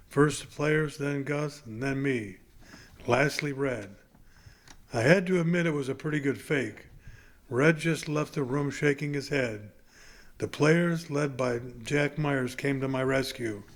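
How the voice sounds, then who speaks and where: Guy reading a book chapter out loud, medium pitch, plain and steady. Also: measured pace. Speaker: audiobook reader. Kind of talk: reading a novel aloud.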